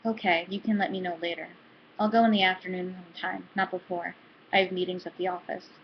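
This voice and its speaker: A woman reading the lines of a busy, practical husband in a brisk, reassuring way. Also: on the low side, little pitch movement, dull audio, a little hiss or hum, close to an everyday voice.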